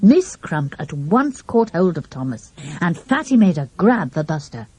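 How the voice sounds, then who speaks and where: A woman narrating a children's mystery audiobook with a lively, expressive reading. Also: fairly low pitch, unhurried, slightly rough, no room sound. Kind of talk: storybook narration.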